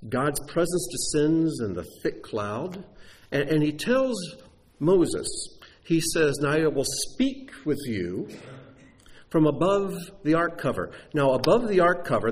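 A man preaching a sermon, explaining Hebrew words with an animated teaching manner. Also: medium pitch.

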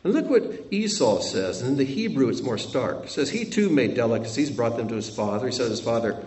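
Man teaching scripture, reads verses then chats about them, lively pitch, echoey and far from the mic. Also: fairly quick. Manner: reads verses aloud with expressive asides. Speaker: Bible teacher. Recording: roomy sound from a distant mic.

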